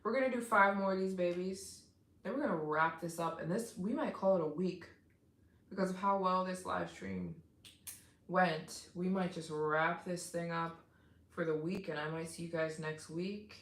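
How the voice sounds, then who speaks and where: Sleepy woman on a live stream chatting to viewers, lowish voice, echoey room. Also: normal speed. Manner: chatty, thanks viewers for donations. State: tired, yawning. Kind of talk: casual live stream chat.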